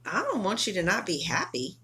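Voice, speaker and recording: A woman's voice: mid-range voice, wildly swooping pitch, fairly quick, sharp tone. A middle-aged woman from California, a tarot reader chatting casually and emphatically to her viewers, swearing freely.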